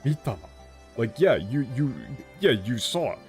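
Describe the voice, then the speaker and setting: A man's voice: medium pitch, expressive, moderate pace, a little mellow, faint music behind. A man streaming a game, ranting with frequent swearing about how its dialogue was translated. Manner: ranting, exasperated, swears often. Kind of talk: profane commentary on a game translation.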